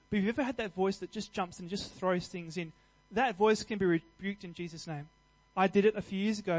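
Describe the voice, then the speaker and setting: A man's voice: high voice, poor audio. A man preaching a sermon in an earnest, conversational way, restarting phrases and building to emphatic passages.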